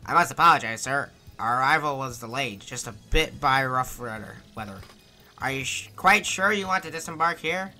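A man voicing a formal, overly polite male ship captain in a video game, lower than his own voice. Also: expressive, moderate pace, sharp tone, faint music behind.

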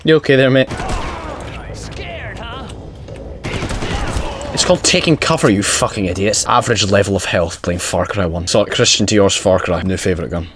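A man's voice: on the low side, quick pace, hardly any pauses, fairly bright tone. A young man giving sweary, exasperated comedic commentary over gameplay. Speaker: gaming YouTuber.

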